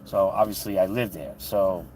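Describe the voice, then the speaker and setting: A man's voice: sits low, steady tone, moderate pace, a little mellow, distant mic, a little hiss or hum. A man telling a heated personal story on a livestream, swearing freely as he goes. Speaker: livestream host.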